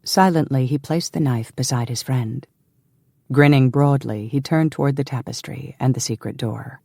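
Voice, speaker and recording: A male audiobook narrator reading a historical romance in a measured, even way. His voice carries a gravelly texture at a middle pitch, recorded close and dry with no room sound. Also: no echo. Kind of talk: scripted narration.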